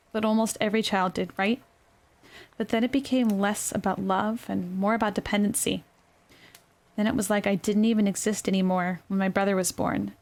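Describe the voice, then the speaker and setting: Quiet young woman reading a story softly. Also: medium pitch, gravelly. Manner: quiet, gentle, even narration with small self-corrections. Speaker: storyteller reading her own novel. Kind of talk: soft-spoken ASMR story reading.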